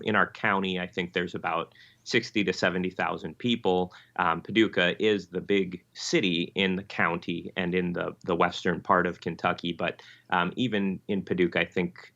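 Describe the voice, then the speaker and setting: A pastor from Michigan with an Upper Midwest accent, answering interview questions in a halting way with many ums and restarts. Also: male voice, sits low, vocal fry, sharp tone, dull audio. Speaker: Lutheran pastor, interview guest.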